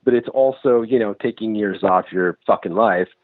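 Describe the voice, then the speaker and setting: A man's voice: on the low side, normal speed, dry recording. Man, guest filmmaker, casual profane storyteller, from New England, tinny phone-like audio, dead dry sound. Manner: loose, profane, animated storytelling. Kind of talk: casual interview chat.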